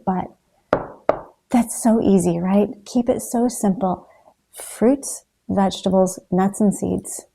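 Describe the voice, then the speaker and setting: A woman's voice: mid-range voice, gravelly, warm tone. A woman talking in a motivational vlog, earnest and encouraging as she addresses her viewers. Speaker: raw food vlogger.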